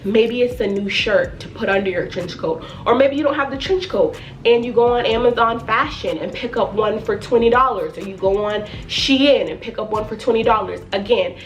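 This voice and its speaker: A woman's voice: on the high side, normal speed, slight background noise. A woman fashion vlogger talking straight to her viewers in a casual, chatty way, repeating phrases for emphasis. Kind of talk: casual direct-to-camera vlog.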